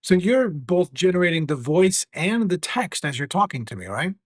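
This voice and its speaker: A man teaching a lesson about AI tools with a live demo, measured and earnest. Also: sits high, sing-song, husky, no echo. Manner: measured, earnest, some fillers.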